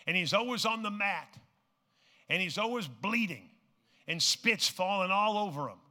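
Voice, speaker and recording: Male preacher, bright ringing tone, dramatic hush-to-shout delivery and repeated refrains, in a reverberant sanctuary. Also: high voice, expressive, moderate pace. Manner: dramatic, swings from hushed to shouting; repeats phrases for emphasis. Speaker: pastor. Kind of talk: sermon. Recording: long reverb of a large hall.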